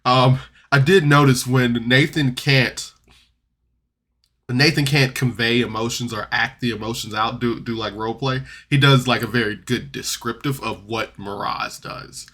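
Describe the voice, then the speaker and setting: A man recapping a tabletop game podcast episode in a loose, rambling way, jumping between loud outbursts and mumbled asides. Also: mid-range voice, steady tone, a little slow. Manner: rambling, loose, full of "like" and restarts. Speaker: podcast reviewer. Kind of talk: casual recap and commentary.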